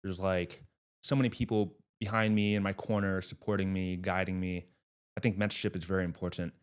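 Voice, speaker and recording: A man's voice: sits low, level tone, brisk, clear, resonant tone. A man being interviewed about real estate, talking in an earnest, emphatic, motivational way. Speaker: real estate investor guest. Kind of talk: casual interview talk.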